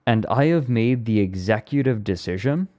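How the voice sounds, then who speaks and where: A man's voice: fairly low pitch, lively intonation, normal speed, dark tone. A man live streaming who chats casually, rambling and amused with himself. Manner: rambling, self-amused, breaks into laughter.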